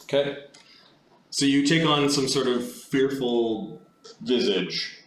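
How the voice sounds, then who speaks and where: A man's voice: mid-range voice, slow pace. A man running a tabletop game as game master, giving rulings in a matter-of-fact way. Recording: echoey room with background noise.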